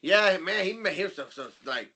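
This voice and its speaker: A man co-hosting a podcast, recalling old stories with excitable energy and plenty of swearing. His voice is bright and forceful, pitched a little higher than most men's. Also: normal speed, slightly rough. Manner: excitable, profane reminiscing. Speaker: podcast co-host. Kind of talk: casual chat.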